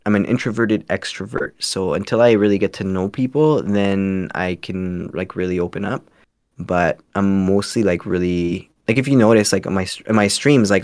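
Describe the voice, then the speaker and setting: A man's voice: deep voice, a little mellow, no echo. A man from Canada, a podcast guest, talking in a laid-back, rambling, self-deprecating way. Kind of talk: casual podcast chat.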